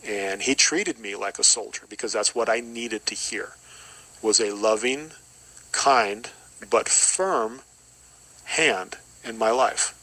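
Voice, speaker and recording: A middle-aged man with a bright, forward voice speaks as a podcast guest. He gives an earnest, reflective personal testimony and often repeats short phrases. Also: fairly low pitch, takes it slowly, poor audio.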